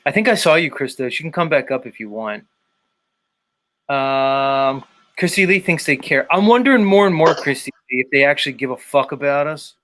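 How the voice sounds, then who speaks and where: A man's voice: fairly high pitch, animated, normal speed, a bit bright. A man hosting a livestream show, chatting loosely with guests and the chat, swearing freely. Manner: loose and profane, talks to the chat. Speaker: livestream host.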